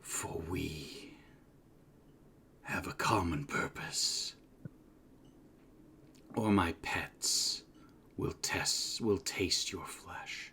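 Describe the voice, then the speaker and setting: A man voicing a menacing creature in a whispered role-play, slow and threatening in a breathy whisper. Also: deep voice, pushed and bright, a little hiss or hum, full character voice.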